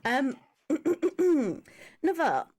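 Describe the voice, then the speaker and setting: A woman's voice: high voice, big pitch swings, drawn-out words, darkish tone. A woman running a tabletop game as game master, chatty and self-deprecating.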